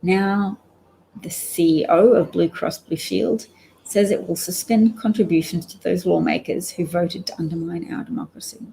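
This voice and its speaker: A woman's voice: fairly low pitch, steady tone, normal speed, creaky, mellow, a little hiss or hum, rough recording. A woman giving rambling, wry solo commentary on the news, reading out quotes and sounding sleepy. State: sleepy, yawning. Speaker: political commentator.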